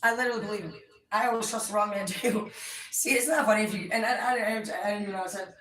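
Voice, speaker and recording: This woman, a tarot streamer, speaks fast in a mid-range, fairly bright voice, rambling through a wandering rant full of constant swearing. The distant mic catches her voice bouncing around a large, echoing room.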